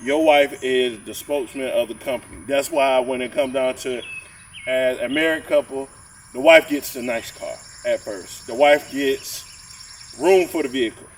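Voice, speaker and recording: A man's voice: medium pitch, moderate pace, distant mic, slight background noise, low-quality recording. A man co-hosting a podcast, rambling in casual chat and often repeating his words as he makes a point. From southern Georgia, US. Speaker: podcast co-host.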